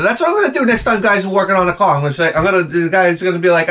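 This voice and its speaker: A man's voice: sits high, very fast, hardly any pauses, a bit bright. A middle-aged man ranting sarcastically through a casual story, mimicking the people in it. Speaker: vlogger.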